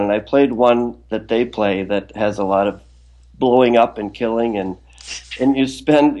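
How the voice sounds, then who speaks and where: A middle-aged man chatting as a podcast guest, easygoing and friendly. He speaks at an ordinary pitch in a conversational flow. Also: a little mellow. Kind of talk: casual podcast interview.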